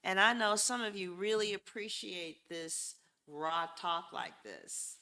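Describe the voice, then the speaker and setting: A woman's voice: lowish voice, slow pace. Blunt, cussing woman tarot reader. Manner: blunt, profane and chatty; addresses viewers directly and warmly. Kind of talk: casual live tarot reading.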